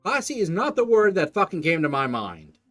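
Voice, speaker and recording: A man plays through a game, reading its text and breaking in with profane, sarcastic jokes. His voice sits fairly high and swings widely. Faint game music hums behind him. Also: big pitch swings, brisk, a bit bright. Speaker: game commentator. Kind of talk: let's play reading and commentary.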